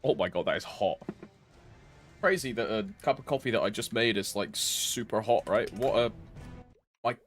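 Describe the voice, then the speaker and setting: A man's voice: on the low side, moderate pace, long pauses, faint music behind. A man streaming a game live, chatting casually, joking, swearing and scat-humming to himself.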